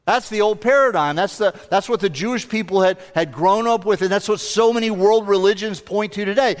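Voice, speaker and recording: A man's voice: sits high, a little fast, few pauses, in a large hall. A man preaching a sermon as pastor, earnest, building through repeated phrases and rhetorical questions. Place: church sanctuary.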